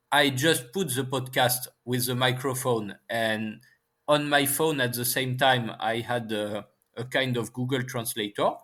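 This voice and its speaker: A man from France with a French accent, speaking English as a second language, talking casually as an interview guest and pausing often to find his words. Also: mid-range voice, fairly bright tone. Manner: halting, searching for English words. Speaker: guest scientist and author.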